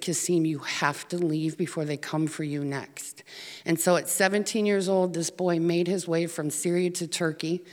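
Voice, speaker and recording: A woman's voice: low-pitched, long reverb tail. An American woman telling a personal story in an earnest way, with some fillers, to a room. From United States. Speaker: speaker telling of volunteer work.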